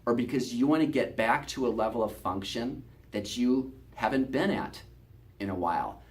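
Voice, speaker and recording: A chiropractor telling a patient's story in a promotional video, talking in an earnest, conversational way. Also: male voice, mid-range voice, animated, normal speed.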